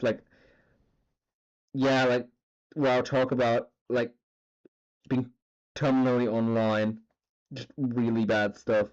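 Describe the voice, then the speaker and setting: A man's voice: medium pitch, steady tone, unhurried, long pauses, dull audio. Rambling man on a drawing stream. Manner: rambling, filler-heavy, swearing. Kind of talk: casual chat while drawing.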